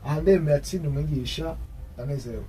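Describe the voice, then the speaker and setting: A man teaching an English grammar lesson, explaining in his own language and repeating English example sentences slowly. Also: fairly high pitch, warm tone, recorded from a distance, rough recording.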